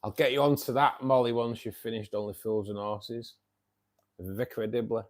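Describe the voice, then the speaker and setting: A man's voice: medium pitch, steady tone, moderate pace. A man with a Manchester accent hosting a casual live stream, chatting with viewers and calling them mate. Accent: Northern English, Manchester. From England. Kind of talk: casual live chat reading viewer comments.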